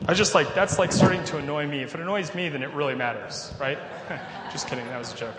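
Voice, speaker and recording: A man's voice: on the high side, fast, noisy background. Nasal man preaching in an echoey hall. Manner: conversational preaching with asides. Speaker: pastor. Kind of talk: sermon. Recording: echoey hall with long reverb.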